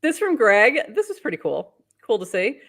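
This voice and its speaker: A woman's voice: a little high, sing-song, moderate pace, a bit bright. Woman co-host, upbeat casual chat, reads stuff out, laughs a lot. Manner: upbeat, reads posts aloud, laughs often. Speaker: podcast co-host. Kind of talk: casual news roundup chat.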